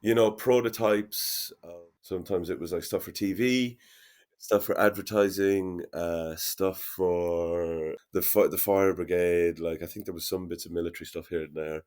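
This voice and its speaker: A man with a very low, deep voice, talking in a loose, meandering way. He tells his story casually, packed with "like" and half-started sentences. A relaxed interview guest in his thirties. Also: normal speed. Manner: rambling, filler-heavy, frequent "like". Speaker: guest, fibrous plasterer.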